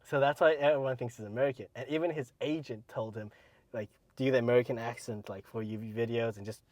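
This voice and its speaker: A man co-hosting a casual podcast, rambling with many fillers and letting his sentences trail off quietly. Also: medium pitch, steady tone, fast, no room sound. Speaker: podcast co-host.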